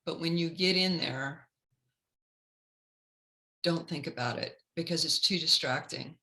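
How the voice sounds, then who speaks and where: Lady career coach doing a webinar, really bright voice, calm and explaining step by step. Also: deep voice, a little slow, poor audio. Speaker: career counselor presenting a webinar. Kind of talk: webinar talk.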